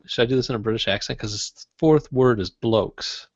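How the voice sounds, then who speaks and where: A man's voice: mid-range voice, moderate pace, no room sound. A man co-hosting a tech podcast in easygoing, joking chat and reading out listener email. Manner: easygoing, joking, muddles through reading aloud. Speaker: podcast co-host. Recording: dull lo-fi dry podcast audio.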